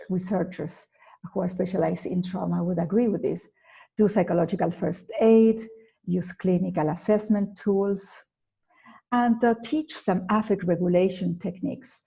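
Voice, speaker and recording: A native Spanish-speaking woman with an Argentine accent presents a therapy lecture in a measured, careful way. Her voice is dark and husky with a gravelly edge. She pauses on fillers and corrects herself as she goes. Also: lowish voice, poor audio. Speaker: psychotherapist presenting at a conference.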